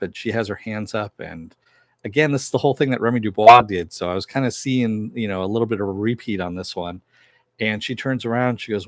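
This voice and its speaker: A man's voice: fairly low pitch, fast talker, no echo. A man giving a rambling, offhand recap of a TV episode, swearing casually as he retells the plot. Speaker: TV episode reviewer.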